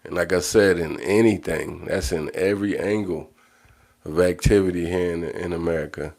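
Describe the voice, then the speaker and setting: A man with a low, deep voice speaks in a casual livestream monologue. He is blunt and profane and circles back to repeat his points. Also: steady tone, moderate pace, vocal fry, a little mellow. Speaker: livestream host.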